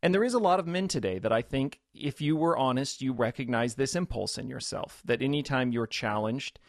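A man's voice: mid-range voice, a little fast, dry recording, clean studio sound. A man, a pastor and author, thoughtfully explaining scripture as a guest in a radio interview. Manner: reflective, explains scripture with quoted voices.

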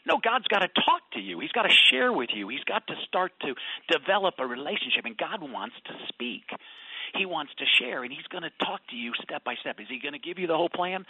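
Man, husky voice, lively ups and downs, faith talk, tinny phone line, dry. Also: fairly high pitch, dry recording. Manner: animated storyteller, swings from loud to whispered. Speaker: radio talk guest. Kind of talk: Christian radio conversation.

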